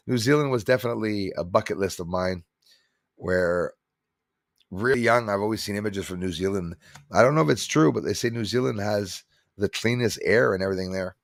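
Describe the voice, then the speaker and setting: A man's voice: lowish voice, no echo, clean studio sound. A middle-aged man from Canada hosting a casual livestream, rambling and reading viewer comments aloud. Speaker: livestream host.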